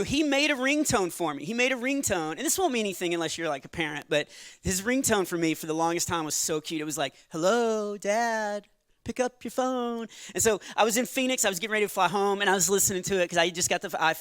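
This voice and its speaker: Bright-voiced male stand-up comic, dry sound. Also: high voice, dry recording. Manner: chatty storytelling with quick acted-out quotes. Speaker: stand-up comedian. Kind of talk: stand-up comedy set. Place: live venue with audience.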